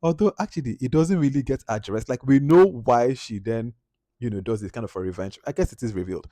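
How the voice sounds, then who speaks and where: A man giving a casual film review, animated and exasperated as he acts out his own reactions. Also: medium pitch, fairly quick, dry recording. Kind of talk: casual movie review monologue.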